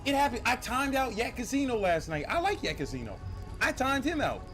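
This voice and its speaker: A man streaming a game, talking in animated, profane, rambling banter. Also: very high voice, brisk. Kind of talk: casual gaming stream talk. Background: faint game music.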